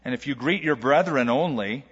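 A man preaching a sermon to a congregation, animated, stretching out key words and putting rhetorical questions to the listeners. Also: medium pitch, moderate pace, slightly rough. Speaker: pastor. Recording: long hall reverb, dull lo-fi sound.

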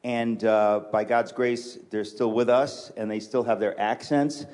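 A man from New York City, a guest author chatting in a church interview, joking with quick, self-mocking asides. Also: fairly low pitch, steady tone, darkish tone. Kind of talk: casual interview chat on a church stage.

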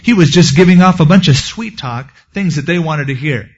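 A man's voice: a little high, moderate pace, breathy edge. A man preaching a verse-by-verse sermon as a pastor, in a conversational way with folksy asides. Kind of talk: expository sermon. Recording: dull lo-fi recording.

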